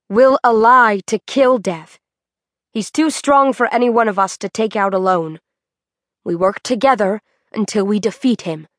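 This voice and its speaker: A woman's voice: mid-range voice, no echo, studio quality, natural voice. A woman voicing a determined young female archer who speaks firmly and evenly in an audiobook.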